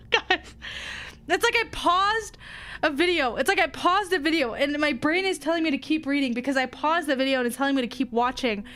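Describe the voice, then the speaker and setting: A woman streamer reading a horror story aloud, hushing for the narration and breaking into frightened shrieks, swearing and nervous laughter. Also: sits high, normal speed. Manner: animated and dramatic.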